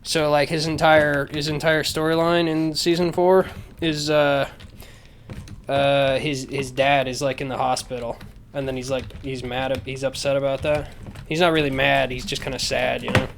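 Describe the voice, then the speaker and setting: A man's voice: mid-range voice, little pitch movement, moderate pace, gravelly, slight background noise. A man ranting casually on a podcast, sarcastic and profane, rambling with lots of fillers, close to the mic. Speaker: podcast host. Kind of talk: casual rant. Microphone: close microphone.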